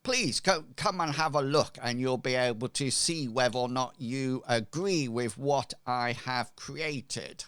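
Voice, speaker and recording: A man's voice: medium pitch, measured pace, few pauses, a bit bright, clear, resonant tone, no room sound, lightly acted. A man voicing a nervous, flustered male blacksmith who stammers and speaks with fussy politeness.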